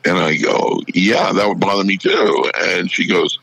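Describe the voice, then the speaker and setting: Middle-aged male storyteller, low and gravelly, acts out every voice in his tale. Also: a little slow, low-quality recording. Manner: animated anecdote teller who acts out quoted voices. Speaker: radio show personality. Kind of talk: casual storytelling.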